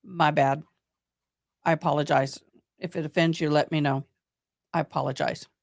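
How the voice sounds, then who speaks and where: A woman's voice: low-pitched, fairly even intonation, moderate pace, gravelly, no room sound. A woman with a Tennessee accent hosting a livestream, chatting casually and thanking viewers by name between trial updates. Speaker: livestream host commenting on a trial. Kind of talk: casual live commentary.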